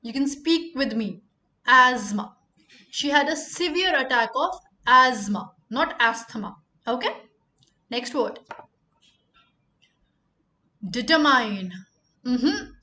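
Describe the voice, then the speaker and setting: A woman teaching pronunciation. She speaks in a high voice and takes her time, saying each word carefully several times over. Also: animated, sharp tone. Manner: repeats words slowly for emphasis. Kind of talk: pronunciation lesson.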